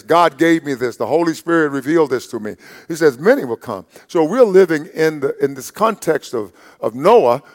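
A man preaching a sermon as pastor, emphatic and repetitive, calling out to the congregation. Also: on the high side.

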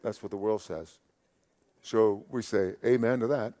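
A man preaching a sermon, repeating key phrases emphatically, rising loud on scripture quotes and dropping soft at the ends of phrases. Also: on the low side, measured pace.

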